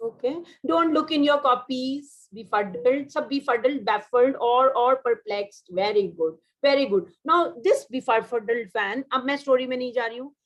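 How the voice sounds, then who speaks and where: A woman's voice: sits high, lo-fi sound. A woman with an Indian English accent teaching a vocabulary class, drilling synonyms, praising students and slipping into Hindi. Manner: switches into Hindi mid-sentence, drills words, quick praise.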